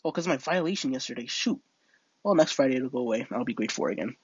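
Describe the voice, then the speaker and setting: A man's voice: mid-range voice, expressive, fast, slightly rough, no room sound, dull audio. A young man streaming a flight game, telling a rambling made-up story and chatting with viewers, full of fillers and restarts. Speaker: livestream gamer. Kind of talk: casual live-stream chat and storytelling.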